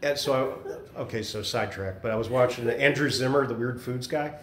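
A man in a mid-pitched voice leads a group Bible study and drifts into lively, chatty stories. The room has a clear echo around him. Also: a little fast. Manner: chatty, animated storyteller. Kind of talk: casual group chat with anecdotes. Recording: echoey room.

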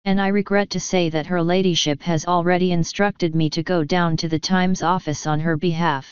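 A woman's voice: lowish voice, fairly even intonation, normal speed, clean tone, no room sound, muffled recording, close to an everyday voice. A woman reading an audiobook, voicing a formal, unflappable male butler who politely says sir. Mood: deadpan. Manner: deferential, ends lines with sir.

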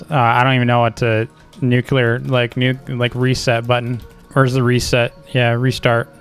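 A young man hosting a casual video, reading out fan messages and replying in a playful, animated way. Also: normal speed, soft background music. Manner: playful, animated, reads messages aloud in a higher voice. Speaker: YouTuber host.

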